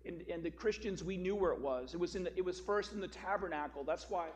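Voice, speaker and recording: A male pastor with a high-pitched voice delivers a sermon, moving from a folksy story into scripture teaching. He leans on key words, pushing his voice up for emphasis. A faint hum sits under the recording. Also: fast talker.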